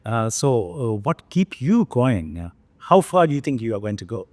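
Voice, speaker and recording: A man hosting an interview, asking questions in halting phrases with many fillers. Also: medium pitch, big pitch swings, darkish tone, no room sound. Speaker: podcast host.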